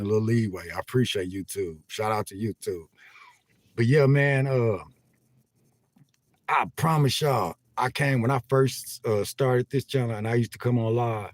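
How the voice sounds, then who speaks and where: An older man chats casually to his viewers in an animated, laughing way, often repeating himself. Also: medium pitch, no room sound. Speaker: vlogger livestreaming. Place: inside a van.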